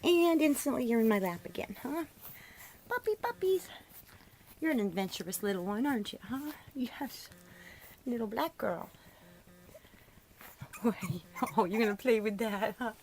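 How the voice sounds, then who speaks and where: A woman's voice: on the high side, lively intonation, fairly quick, few pauses, a little mellow, a little hiss or hum. Woman cooing sing-song baby talk. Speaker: dog breeder filming her puppies. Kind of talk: home video baby talk to puppies. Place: indoors at home. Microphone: handheld camera.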